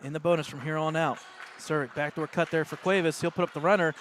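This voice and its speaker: An American man doing live play-by-play of a high school basketball game, excitable and openly rooting for the home team. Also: fast talker, slight background noise. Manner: excitable, partisan, rising pitch on plays. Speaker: play-by-play announcer.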